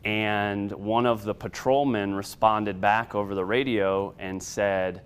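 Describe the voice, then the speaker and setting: A man in his thirties who serves as an Air Force sergeant gives a personal testimony, telling it in a measured, storytelling way with the occasional filler. His voice sits lowish and steady, and the tone is clean.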